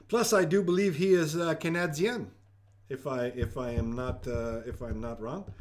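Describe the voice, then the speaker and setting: Male trivia host, joking and playful, higher-pitched, streaming from home. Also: steady tone, normal speed. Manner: joking, playful, reads questions aloud twice. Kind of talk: live-streamed trivia hosting.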